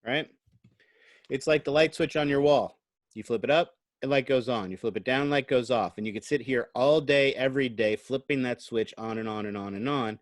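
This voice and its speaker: A college lecturer records an online lecture into his computer microphone, speaking in a mid-range voice at normal speed with no room sound. He explains conversationally and often checks in with "right?".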